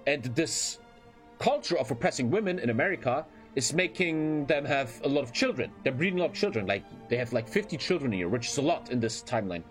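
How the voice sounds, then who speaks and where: A man's voice: medium pitch, expressive, fast talker, faint music behind. Rambling, swearing young male streamer. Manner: rambling, profane, with filler phrases. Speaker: game streamer. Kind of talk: casual livestream chat while gaming.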